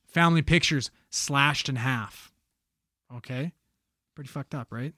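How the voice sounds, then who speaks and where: A man casually retelling a spooky story on a podcast, animated and swearing freely. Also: medium pitch, measured pace, no room sound, clean studio sound. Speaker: podcast co-host telling a story.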